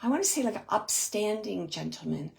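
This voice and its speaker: Soft, breathy woman giving a reading. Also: mid-range voice, animated. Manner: soft and hesitant, many pauses and ums, relaying messages; repeats words and phrases for emphasis. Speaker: psychic medium. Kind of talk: live spirit reading for an audience member.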